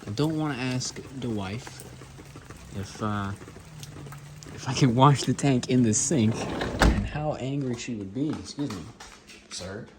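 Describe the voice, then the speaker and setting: A man's voice: mid-range voice, unhurried, long pauses, background noise. A man casually vlogging at home in his kitchen, rambling, joking and teasing his dogs as he works.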